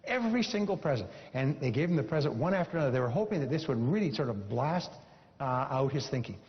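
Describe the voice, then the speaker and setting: A man's voice: medium pitch, big pitch swings, fast talker. A man speaking from a seminar stage, emphatic and repetitive, telling a story to drive home a point. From Canada. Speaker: motivational speaker. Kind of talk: seminar talk with a told joke. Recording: dull recording in a large hall.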